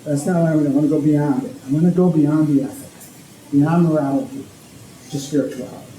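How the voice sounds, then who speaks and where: A very dark, mellow male voice in a roomy, echoing hall with faint noise behind it. He is a priest from Connecticut giving a loose, conversational lecture, often pausing to ask "okay?" He sounds like he is talking with the audience, not reading to them. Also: on the high side, fairly even intonation. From Connecticut, USA. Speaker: speaker, priest and ethicist. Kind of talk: informal lecture.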